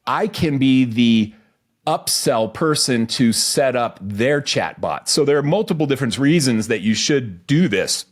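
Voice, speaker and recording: A man co-hosting a podcast, talking casually and energetically in quick bursts with restarts. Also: mid-range voice, lively intonation. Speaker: podcast co-host.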